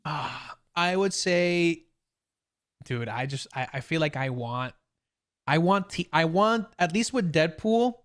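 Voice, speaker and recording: A young man co-hosting a podcast over a video call, talking in an excited, rambling way with many restarts. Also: on the high side, slow pace. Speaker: podcast co-host. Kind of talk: casual chat.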